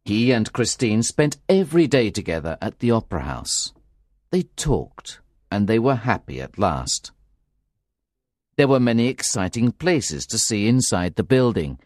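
A man narrating a graded reader story in a slow, clear and expressive way. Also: lowish voice, no room sound, studio quality. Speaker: audiobook narrator.

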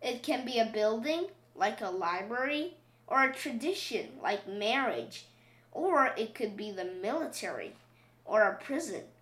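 A patient storybook teacher, as a woman reads her, calm and explanatory. The voice is bright and clear and unhurried. It rings in a roomy, echoing space. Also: a little high. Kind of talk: storybook reading. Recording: roomy echo.

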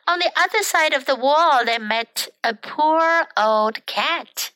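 Female storyteller for kids, high bright voice, slow and clear, dry close mic. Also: animated, no echo. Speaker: English teacher reading a bilingual storybook. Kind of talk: bilingual children's story reading.

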